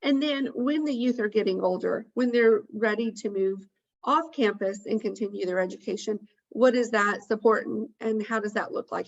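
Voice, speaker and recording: A woman's voice: mid-range voice, creaky, dull audio. A woman presenting on a webinar, talking through a list of points in an earnest way with frequent ums. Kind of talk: informational webinar talk. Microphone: video call.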